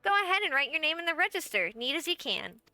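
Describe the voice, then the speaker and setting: A brassy, tiny innkeeper who runs an adventurers' guild in a game, and she speaks with a lilt. The voice sits high and bright, wry and folksy, with every line dry and close to the mic. A faint game score plays underneath. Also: sing-song, quick pace, no echo, soft background music, heavily acted. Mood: brisk. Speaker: game character. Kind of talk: game voice acting.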